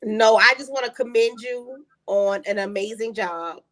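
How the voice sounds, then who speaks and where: A woman from South Florida, a guest on a casual talk show, praising the host warmly and calling her sis and girl. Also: fairly high pitch, measured pace. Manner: effusive, affectionate, calls people sis and girl. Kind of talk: casual chat.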